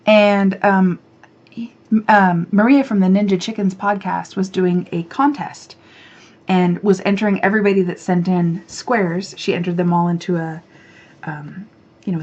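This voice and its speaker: A woman hosting a knitting podcast, chatting casually to camera, excitable and chatty, and she swears freely when she rants. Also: on the low side, highs cut off.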